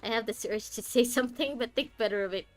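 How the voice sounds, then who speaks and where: A woman's voice: fairly high pitch, quick pace. A young woman streaming a game, chatting in a joking, rambling way that often breaks off mid-sentence. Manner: chatty, joking, self-interrupting. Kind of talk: casual gaming commentary. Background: faint game music.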